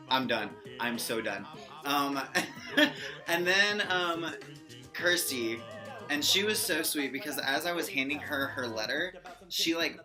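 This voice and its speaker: A young woman excitedly telling a fan story in a casual vlog, gushing and giggly. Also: a bass voice. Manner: gushing fangirl, giggly, animated quoting. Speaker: vlogger. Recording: music playing behind.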